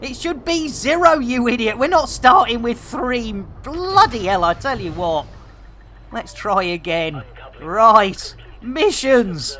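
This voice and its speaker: Lively, chatty woman streaming a game. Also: fairly high pitch, a little hiss or hum. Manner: chatty, jokey, quick to laugh, lots of British slang. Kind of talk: casual live-stream chat while playing.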